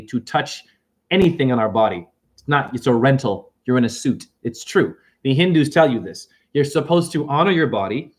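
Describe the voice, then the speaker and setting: Middle-aged man, slightly high voice, self-styled teacher; rambling, cursing, preachy monologue. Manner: fast, profane, preachy, swinging loud and soft.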